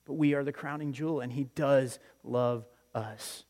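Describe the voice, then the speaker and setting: A man's voice: mid-range voice, steady tone, moderate pace, a little mellow. Man preaching conversationally in a reverberant hall. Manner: conversational, repeats phrases, often starts with "listen". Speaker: pastor. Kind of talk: sermon. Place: church sanctuary.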